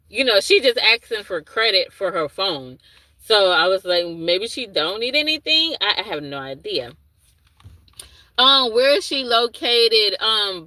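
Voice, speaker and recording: Reading chat comments out loud and replying, this livestream host, a mother of a young son, rambles casually and often loses her thread. She speaks at a medium pitch in a bright, pushed voice, and the recording is dry and of poor quality.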